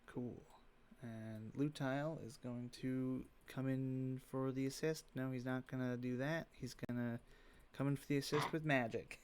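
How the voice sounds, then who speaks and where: Acting as game master for a tabletop game, a man gives rulings and narrates the action in a relaxed manner, often pausing with fillers. His voice is smooth and medium-pitched.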